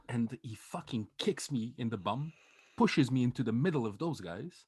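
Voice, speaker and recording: A man co-hosting a podcast, telling a story in a casual, animated way, swearing and laughing as he goes. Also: mid-range voice, fairly quick, vocal fry, husky, no room sound, clean studio sound. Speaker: podcast co-host.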